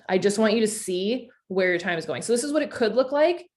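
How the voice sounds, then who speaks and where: Woman coach, mid-pitch, chatty and animated, many fillers, running a casual online workshop. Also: a little fast. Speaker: coach leading a live workshop.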